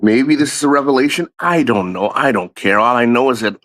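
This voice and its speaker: Middle-aged guy rambling on his livestream, swears a lot, talks straight, mid pitch. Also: brisk, fairly bright tone, rough recording. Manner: candid, rambling, swears often. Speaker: livestream host. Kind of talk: casual livestream monologue.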